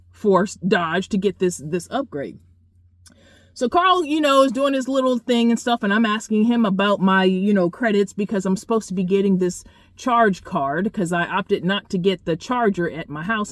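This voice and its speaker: A woman's voice: medium pitch, no echo. Blunt, chatty woman vlogger, dry sound. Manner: animated, blunt, swears freely; chatty, talks straight to viewers. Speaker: car owner vlogger. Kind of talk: casual storytelling vlog.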